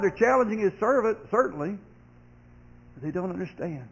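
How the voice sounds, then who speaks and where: A man, a pastor, preaching a sermon, earnest, growing loud and sharp when he acts out complaining voices and dropping soft for comfort. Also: high voice, animated, normal speed, creaky, breathy edge, poor audio.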